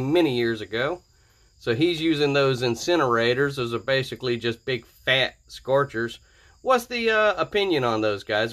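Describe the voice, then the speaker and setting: A man talks over his gameplay footage in an easygoing, joking way, wandering off track and restarting his sentences. His voice sits at an ordinary middle pitch. It sounds like a home voice-over for a video channel. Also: a bit bright. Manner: playful, jokey, rambling with self-corrections. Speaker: gaming channel host. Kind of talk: casual gameplay commentary.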